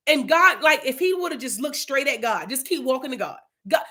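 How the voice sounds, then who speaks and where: A woman's voice: sits high, animated, a little fast, pushed and bright, husky. A young woman leading an informal Bible study, chatty and casual, telling personal testimony.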